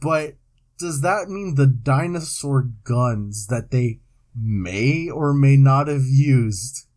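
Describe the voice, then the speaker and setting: A young man co-hosts a podcast at an unhurried pace, his pitch rising and falling widely. He delivers absurd facts in a deadpan way, with the odd weary sigh. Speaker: podcast co-host. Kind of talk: casual chat.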